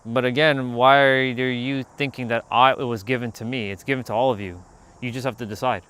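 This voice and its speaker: A man's voice: mid-range voice, fairly quick, clean tone. Man rambling on an outdoor livestream. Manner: rambling, animated, calls out to passersby. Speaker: livestream host. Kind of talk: casual outdoor livestream chat. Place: outdoors near a park.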